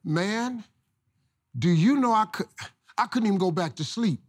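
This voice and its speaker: A man's voice: high-pitched, animated, a little slow. A middle-aged man telling a folksy, preachy motivational story. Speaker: guest storyteller.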